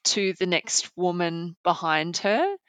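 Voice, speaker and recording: A woman's voice: lowish voice, animated, a little slow, fairly bright tone, no room sound. Chatty Australian woman, dry close sound. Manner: chatty, enthusiastic, thinks aloud with fillers. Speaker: podcast co-host. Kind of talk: casual chat.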